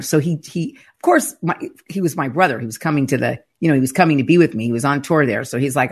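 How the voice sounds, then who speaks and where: A woman's voice: low-pitched, fairly quick, few pauses, slightly rough. A woman, the guest in an interview, retelling her experiences in an emphatic, dramatic conversational way, with frequent restarts. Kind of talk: conversational storytelling.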